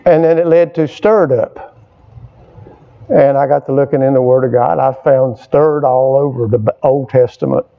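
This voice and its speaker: An older pastor speaks at normal speed with a steady, mid-range tone and some vocal fry. He leads call-and-response preaching during a church service, prompting amens from the congregation and repeating points for emphasis, all on dull lo-fi audio.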